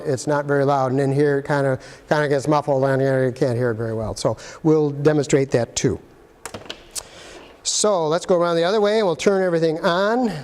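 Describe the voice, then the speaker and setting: A man walks through an equipment setup in a plain, practical way, talking as he handles the gear. His voice sits a little high for a man. A long reverb from the large room trails his words. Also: a little mellow. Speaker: instructor. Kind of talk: casual how-to demonstration. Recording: echoey hall sound.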